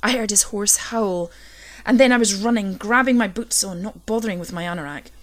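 Woman reading a scary story, low and intense, gets loud when things go bad. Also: a little fast. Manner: low, intense storytelling that swells at tense moments. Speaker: narrator. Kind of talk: scripted horror story reading.

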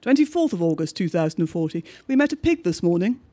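A man with a notably high voice reads a bleak diary-style story aloud. His delivery is measured and understated, with each entry set down plainly. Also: big pitch swings, warm tone. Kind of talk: scripted narration of a diary story.

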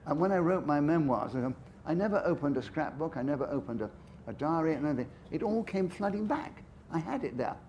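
Older english guy, posh accent, kinda high voice, chatty storyteller on stage. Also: expressive, fairly quick, hardly any pauses, darkish tone, lo-fi sound, slight background noise. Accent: English upper-class. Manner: chatty and self-amused, with frequent restarts and asides. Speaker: guest author. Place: festival stage.

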